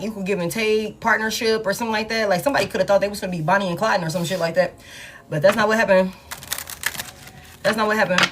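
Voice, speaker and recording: A woman's voice: medium pitch, slight background noise. A woman giving a casual tarot reading in a blunt, profane manner, with laughing asides. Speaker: tarot reader.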